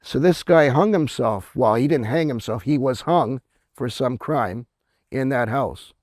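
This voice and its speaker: At a convention, a middle-aged Canadian author tells a story in a casual way, peppering it with "right?" and laughing at his own tale. His medium-pitched voice is a little slow and a little mellow, with no echo.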